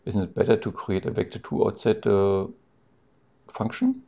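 A man with a deep, gravelly, mellow voice talks through code on a casual live stream, hesitating often and restarting his sentences. The audio is dull and lo-fi. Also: fairly even intonation, moderate pace. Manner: thinks aloud, hesitant, with many ums and restarts; reads out and answers chat questions with amusement.

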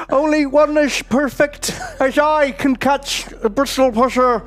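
A pompous male detective brags about his own brilliance, as a man puts him on for a comic impression. The voice sits very high, with light music faintly underneath. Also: fairly even intonation, takes it slowly, fairly bright tone, heavily acted. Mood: boastful. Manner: pompous, grandiose. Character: smug, boastful male detective.

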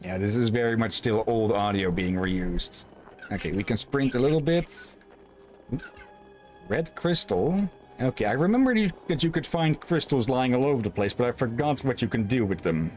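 A man's voice: medium pitch, animated, normal speed, a little mellow, soft background music. A man streaming and casually commenting on a game, hesitant and restarting his sentences. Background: game audio.

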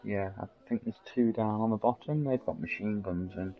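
A man impersonating a fellow gamer, calling out enemies in an urgent, rushed voice. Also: fairly low pitch, narrow, tinny audio, close to an everyday voice.

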